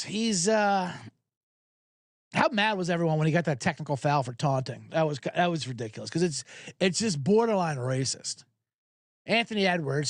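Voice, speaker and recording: A man hosting a sports betting podcast, talking casually in an animated, profane, rambling way. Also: a little high, dry recording, studio quality.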